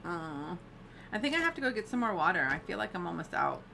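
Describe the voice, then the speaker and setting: A woman's voice: lowish voice, vocal fry, bright, forceful tone, a little hiss or hum, low-quality recording. A woman streaming a cozy game, chatting casually, thinking aloud and giggling as she plays. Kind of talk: casual gameplay commentary.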